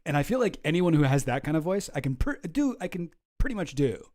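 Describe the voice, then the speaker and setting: A man's voice: a little high, very animated, fast, darkish tone. A man hosting a casual livestream, rambling and chuckling as he reacts to chat. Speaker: streamer host.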